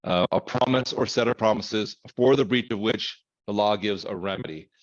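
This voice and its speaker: A man with a fairly low voice talks through a recorded lecture in a relaxed, conversational way. He thinks aloud and fills pauses with "um" and "right". The recording sounds dull and muffled. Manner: conversational, thinking aloud with fillers and self-corrections. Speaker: instructor.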